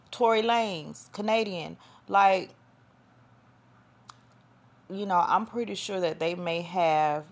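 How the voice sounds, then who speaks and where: Woman podcast host, low gravelly voice, rambling casual monologue. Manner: chatty, rambling, loses her train of thought.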